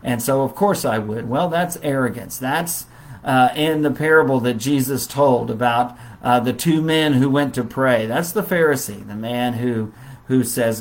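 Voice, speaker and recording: A man preaching in a relaxed, conversational Bible study style, with many fillers. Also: medium pitch, measured pace, low-quality recording. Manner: conversational, warm storytelling with fillers.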